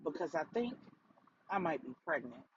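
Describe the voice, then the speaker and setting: A worried woman who has been hiding for months, as a storyteller puts her on, talking in a hushed, shaken way. Her lines sit a little lower and softer than the narration. The recording is slightly muffled, with a faint hum of room ambience behind it. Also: big pitch swings, moderate pace, natural voice. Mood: anxious. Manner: quiet, shaken, tearful. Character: distressed woman, a mother in hiding.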